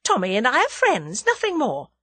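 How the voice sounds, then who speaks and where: A woman voicing a proud, frank young woman who answers in a brisk, snappish way. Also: high-pitched, huge pitch swings, a bit bright, no echo, voice pushed up, exaggerated voice. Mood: spirited.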